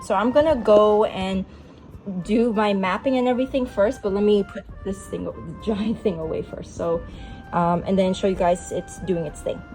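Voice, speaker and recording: In a laid-back product review from home, a young beauty vlogger unboxes items while talking to her pets and using lots of fillers. Her voice is mid-range with a slightly mellow quality.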